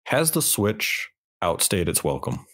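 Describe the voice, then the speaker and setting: A man's voice: low-pitched, huge pitch swings, measured pace, fairly bright tone. A man hosting a casual podcast discussion, explaining his points at length in an analytical way. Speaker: podcast host.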